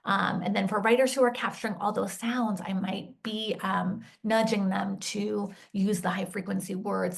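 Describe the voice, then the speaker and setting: A woman presenting a professional development session for teachers. She speaks at a mid pitch, with a warm, encouraging classroom manner, and often checks in with a quick "right?" at the end of a point. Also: fairly even intonation, gravelly. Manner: ends many points with a questioning "right?". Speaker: literacy educator presenting a teacher workshop. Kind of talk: instructional presentation.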